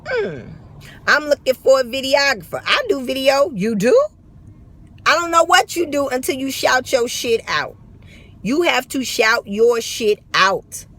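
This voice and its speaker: A woman's voice: high-pitched, very animated, a little slow, fairly bright tone. A woman with a St. Louis accent giving blunt, profane, emphatic motivational talk in a vlog, recorded on a phone. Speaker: vlogger.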